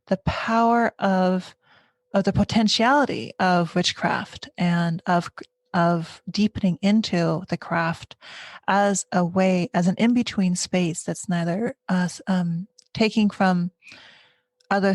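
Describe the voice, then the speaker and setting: Low-voiced thoughtful podcast host, woman. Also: no echo, clean studio sound. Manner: thoughtful, searching phrasing with many pauses. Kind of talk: reflective conversation.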